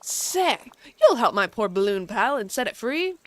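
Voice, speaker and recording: A woman voicing an excitable male cartoon tiger from a game, with a folksy Southern drawl. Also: a little high, normal speed, dry recording.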